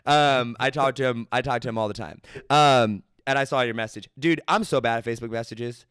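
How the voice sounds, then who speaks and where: A man in casual business conversation, telling stories in an animated way and acting out the dialogue he quotes. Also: mid-range voice, brisk, clear, resonant tone, no room sound, studio quality. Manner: animated storyteller who acts out quoted dialogue.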